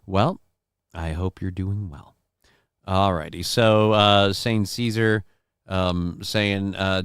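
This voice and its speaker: A man's voice: low-pitched, steady tone, slow pace, a bit bright, clear, resonant tone, no echo, studio quality. A man hosting a casual livestream from home, reading out viewer comments in a rambling, profane, self-deprecating way. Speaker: livestream show host.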